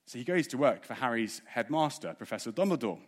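A man's voice: medium pitch, sing-song, fairly quick. A man preaching a sermon in an earnest way, asking the congregation rhetorical questions.

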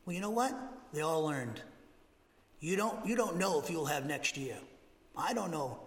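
A man in his sixties with a Boston accent preaches a Bible lesson in a conversational, restless way, breaking off and restarting as he goes. His voice is high and bright with a cutting edge. It carries through a church sanctuary with a long, lingering reverb. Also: moderate pace. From Massachusetts. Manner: animated, conversational, with many restarts and asides. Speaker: pastor teaching a Bible class. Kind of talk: expository sermon lesson.

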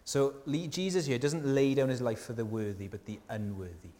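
Male pastor preaching in a church with long hall reverb, conversational and earnest, mid-pitched voice, many rhetorical questions. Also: fairly even intonation, normal speed. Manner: earnest and tender, dropping softly at key lines. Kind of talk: sermon.

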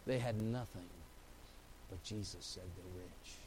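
Impassioned pastor preaching a sermon. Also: male voice, on the low side, low-quality recording. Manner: swings from hushed, slow lines to loud, driving buildups; repeats phrases in rising, rhythmic runs.

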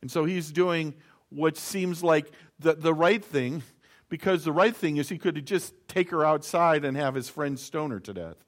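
A man's voice: fairly high pitch, a little slow. A middle-aged man preaching a sermon, reading scripture aloud and explaining it in a conversational way with stories from home. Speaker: pastor.

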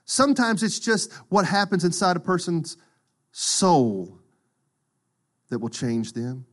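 Animated preaching man, fairly high voice. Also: slow pace. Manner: animated preaching with acted-out quotes, swinging loud to hushed. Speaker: pastor. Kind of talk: sermon.

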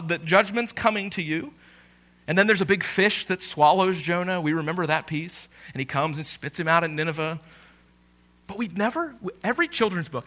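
A man preaching a sermon as pastor, conversational and animated, with emphatic rises. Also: high voice.

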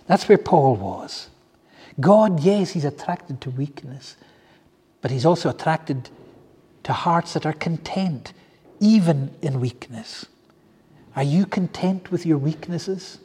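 A man's voice: on the high side, expressive, takes it slowly, dark tone, breathy edge. A man preaching a sermon in an earnest, pleading way, often repeating phrases. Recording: long hall reverb.

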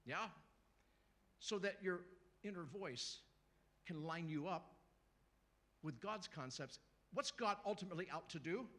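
A middle-aged guest preacher delivers a sermon to a church congregation in a slightly high voice. Lively and joking, he acts out little voices and calls out to the crowd.

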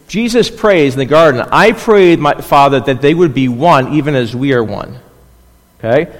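A man preaching a conversational sermon as pastor, often checking in with listeners and restarting phrases. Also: on the high side. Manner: restarts and repeats words. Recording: long hall reverb.

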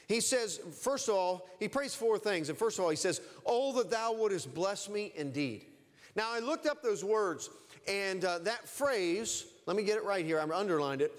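A man's voice: fairly high pitch, long reverb tail. A man preaching a sermon as pastor, with fervent emphasis that rises and falls.

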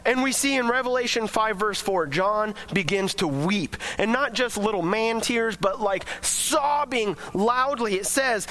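A man preaching a sermon to a church congregation, emphatic and energetic. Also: high voice, unhurried, few pauses. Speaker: pastor.

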